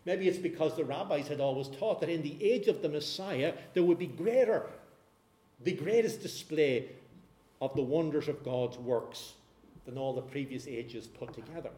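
A man preaching a sermon, telling a scripture story in an animated way. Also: a little high, normal speed, reverberant.

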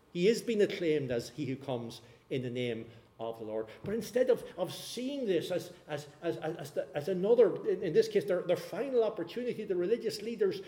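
A man's voice: a little high, warm tone, reverberant. A man preaching a sermon in a church, earnest and often repeating words as he searches for the phrase. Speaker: pastor.

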